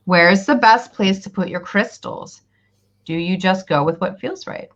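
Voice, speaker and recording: A woman's voice: mid-range voice, moderate pace. Affirming woman host, dull lo-fi sound. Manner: warm, affirming, enthusiastic. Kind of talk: casual interview chat.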